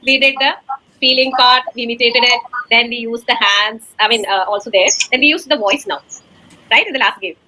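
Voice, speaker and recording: A woman's voice: a little high, a little fast, bright, forceful tone, rough recording. A woman giving a demo class to a young child. She is encouraging and keeps checking in with "okay?".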